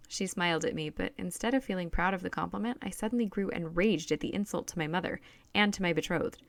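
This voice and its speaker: A woman reads a novel aloud in first person, keeping a steady, even storytelling pace. Her voice is low and gravelly, and the recording is close and dry with no room sound. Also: fast talker, dry recording. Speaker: audiobook reader.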